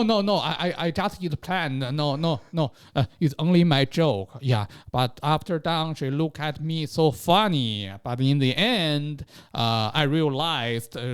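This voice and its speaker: A man with a Chinese accent telling stories in casual chat, halting and repeating words as he searches for them. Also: fairly high pitch, expressive, clean tone. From China. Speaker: guest comedian.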